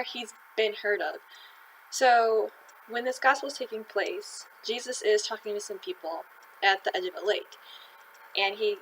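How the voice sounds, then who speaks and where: A woman's voice: mid-range voice, a bit bright, slight background noise, low-quality recording. Chatty woman retelling a gospel story. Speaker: host.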